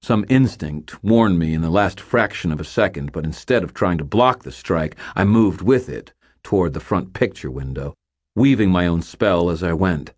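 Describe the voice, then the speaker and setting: A man narrating an audiobook in a measured, restrained, somber way. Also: low-pitched, animated, no room sound.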